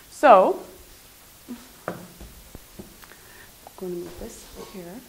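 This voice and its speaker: A woman teaching an English class to adult learners, speaking slowly and emphatically. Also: medium pitch, low-quality recording. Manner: animated, slow, emphatic classroom delivery.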